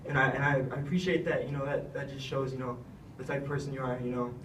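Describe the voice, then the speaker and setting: A man's voice: medium pitch, little pitch movement, quick pace, background noise. A young man giving a heartfelt, rambling thank-you speech with many fillers. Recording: echoey room, speaker far from mic.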